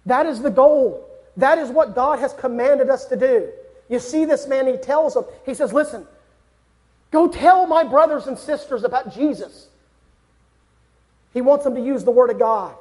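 A young man delivers a sermon with an unusually high-pitched voice. He speaks earnestly and builds to fervent exhortation. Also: moderate pace, darkish tone. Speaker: preacher.

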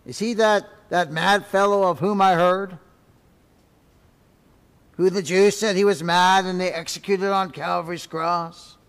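A skeptical learned man questions in a slow, raised voice, as a preacher puts him on. His tone is incredulous. The long reverb of a church hangs on every word. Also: high-pitched, steady tone, fairly bright tone, clear, resonant tone, pitched above the performer's own voice. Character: puzzled, doubting male scholar.

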